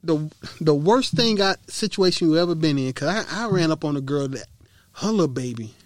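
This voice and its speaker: A man co-hosting a casual comedy talk show, joking loudly with frequent laughter. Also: on the high side, lively intonation, a little fast, no room sound. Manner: loud, joking, bursts of laughter. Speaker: podcast co-host.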